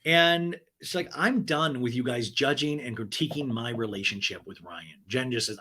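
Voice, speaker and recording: A man hosting a podcast, recapping a reality show in a snarky, profane, casual style and putting on mocking high voices for quotes. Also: expressive, brisk, hardly any pauses, bright, forceful tone, husky. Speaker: podcast host.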